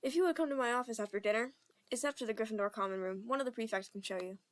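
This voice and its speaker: A woman's voice: a little high, racing, close to an everyday voice. A strict older schoolmistress speaks in a reedy, clipped Scottish accent, prim and controlled, as a young woman reading an amateur audiobook puts her on. She stays firm but kind underneath. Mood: prim, stern.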